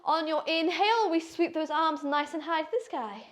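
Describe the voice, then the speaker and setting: Speaking at a moderate pace in a high voice, a woman guides a power yoga class. She cues breaths and poses encouragingly, breathless because she's moving through the flow too.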